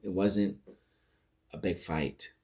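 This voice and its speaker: A man's voice: sits low, fairly even intonation, slow pace, darkish tone. A man giving a casual, rambling spoken review of a TV episode, retelling scenes and acting out lines. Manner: rambling recap with restarts and acted-out quotes. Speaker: show reviewer. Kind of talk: casual commentary.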